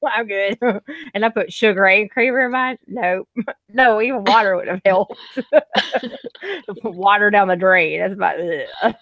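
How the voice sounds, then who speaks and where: A woman's voice: medium pitch, unhurried, no room sound. A woman chatting casually as a co-host, laughing often and dropping folksy sayings. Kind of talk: casual chat. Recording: dull, lo-fi, dry.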